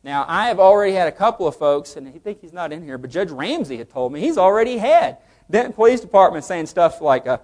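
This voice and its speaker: A man's voice: sits high, brisk. A man teaching a class on legal cases, often putting questions to the room and answering them himself. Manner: animated, asks the class questions. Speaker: legal instructor. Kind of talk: lecture to a class.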